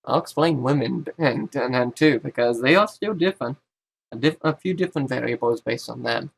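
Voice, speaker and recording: A man's voice: mid-range voice, brisk, gravelly, slightly rough. A man and YouTuber talking straight to camera in a casual vlog monologue. He rambles, interrupts himself often and states blunt opinions.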